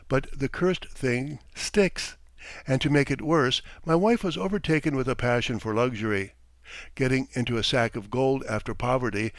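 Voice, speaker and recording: A man voicing a drunk, bitter, distrustful rich merchant, loud and blustering. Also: fairly high pitch, dry recording, natural voice. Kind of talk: audiobook character reading.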